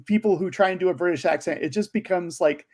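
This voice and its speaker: A man co-hosting a podcast, agreeable and quick to laugh in casual chat. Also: high-pitched, a little mellow. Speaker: podcast co-host.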